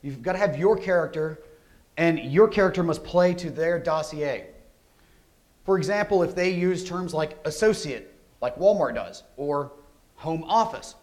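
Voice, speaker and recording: A man giving a security conference talk, energetic and conversational, often asking rhetorical questions. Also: fairly high pitch, normal speed. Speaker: conference speaker. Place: conference hall.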